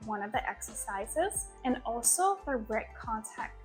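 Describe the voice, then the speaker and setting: A woman's voice: fairly high pitch, sing-song, a little slow, soft background music. A young woman explaining workout moves step by step in a chatty vlog, recorded on a small mic. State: out of breath at the end. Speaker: fitness creator. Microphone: small new mic.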